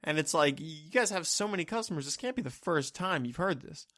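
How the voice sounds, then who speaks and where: A man's voice: fairly high pitch, expressive, a little fast, fairly bright tone, no room sound, clean studio sound. A man ranting on his own podcast in a rambling, profane, exasperated way. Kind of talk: solo rant monologue.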